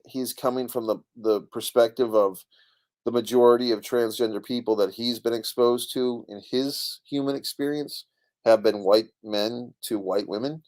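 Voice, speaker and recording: On his casual live stream, a middle-aged host talks loosely about a comedy special and reads his viewers' comments out loud. The voice is mid-range and a little mellow.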